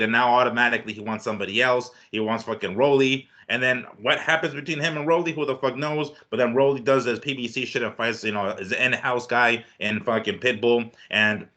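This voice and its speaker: A man's voice: mid-range voice, sharp tone. A man co-hosting a boxing podcast, talking casually in a rambling, profane way full of restarts. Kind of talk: casual sports chat.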